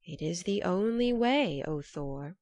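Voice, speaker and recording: Cunning male trickster god read by a woman, storybook, mocking, sly, low voice. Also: animated, slow pace, a little mellow, no room sound.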